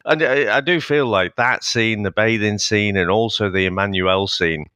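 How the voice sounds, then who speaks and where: A man's voice: on the low side, normal speed, sharp tone, smooth, no room sound. A man co-hosting a podcast, rambling through a casual chat with laughing asides. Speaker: podcast co-host.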